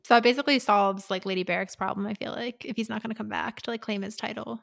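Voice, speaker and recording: A woman's voice: mid-range voice, fairly even intonation, quick pace, gravelly, a bit bright. A woman in casual chat about a book, heated and indignant, swearing as she talks.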